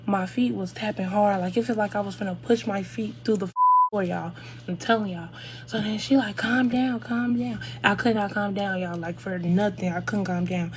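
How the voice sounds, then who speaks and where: An eighteen-year-old vlogger chats animatedly as she tells her viewers a story. Her middle-pitched voice keeps fairly even intonation at a moderate pace, and a faint hum sits in the background.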